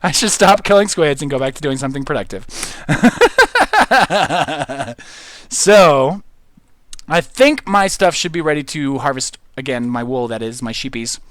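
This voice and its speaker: A man's voice: mid-range voice, animated, normal speed, fairly bright tone, no echo. A man streaming a game live, thinking aloud in a rambling, giggly way, full of "like" and "um" as he reads his chat. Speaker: livestreamer reading chat. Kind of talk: casual gameplay livestream commentary.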